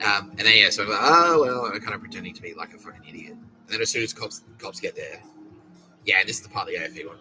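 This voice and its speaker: Australian male podcaster, lowish voice, cursing comic rambler over background music. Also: rough recording. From South Australia. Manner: profane, rambling, laughing asides. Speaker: podcast host.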